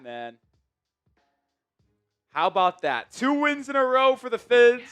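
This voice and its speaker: New york guy hosting a sports stream, bright crisp voice, music going behind. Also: extremely high pitch, takes it slowly, long pauses. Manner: excitable, swings from mumbling to shouting. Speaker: sports show host. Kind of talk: live sports stream chat.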